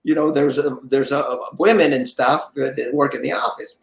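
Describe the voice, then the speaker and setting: A man who is an actor telling an anecdote as a guest, lively and acting out the voices of others in his story. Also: mid-range voice, moderate pace, gravelly, roomy sound.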